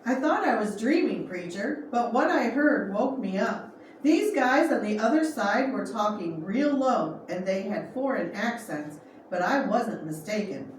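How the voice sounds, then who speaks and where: A woman's voice: medium pitch, lively intonation, measured pace, close to an everyday voice. A woman voicing a sobering drunk man who is angry and patriotic, with blunt, worked-up talk. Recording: echoey room, far from mic, faint noise.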